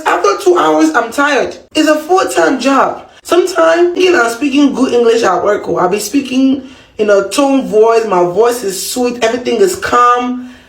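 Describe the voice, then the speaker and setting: Woman with an East African accent, animated comic storyteller, slightly high voice, echoey room. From Kenya. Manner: animated, playful. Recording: roomy echo.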